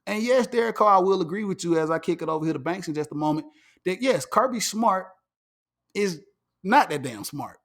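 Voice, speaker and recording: A man hosting a casual sports chat, animated and emphatic, often repeating words as he builds his point. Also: high-pitched, brisk. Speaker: podcast host.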